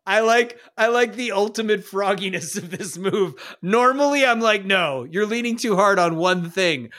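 A man narrating as game master of a tabletop game, playful and quick to laugh. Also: sits high, expressive, fairly bright tone.

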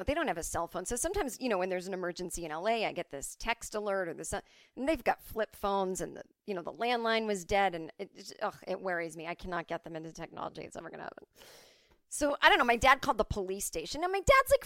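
A woman in her forties hosting a casual solo podcast from home, chatty and swearing freely with quick asides. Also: medium pitch, fairly bright tone, no room sound, clean studio sound. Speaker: podcast host.

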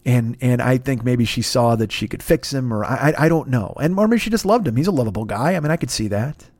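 A man's voice: mid-range voice, animated, a little fast, darkish tone, no room sound, studio quality. A man, hosting a podcast and telling a rambling, profane, self-mocking story full of restarts. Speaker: podcast host. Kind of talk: casual storytelling monologue.

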